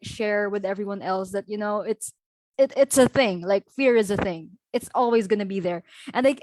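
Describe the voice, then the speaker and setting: A woman's voice: mid-range voice, a little mellow, dry recording. A young woman from the Philippines, a guest speaker chatting casually in an interview, full of fillers and light laughs. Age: young adult. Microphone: video call.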